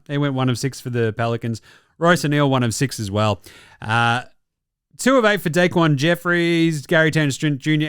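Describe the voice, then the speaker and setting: A man's voice: a little high, fairly bright tone, smooth, no room sound, clean studio sound. Brash Australian man, sports host. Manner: brash, profane, jokey. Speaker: basketball show host. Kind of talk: casual sports commentary.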